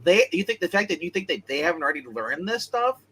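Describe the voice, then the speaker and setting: Husky, lively man joking through a comic chat. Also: sits high, poor audio. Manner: jokey, quick to crack wisecracks. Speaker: co-host. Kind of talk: casual podcast chat.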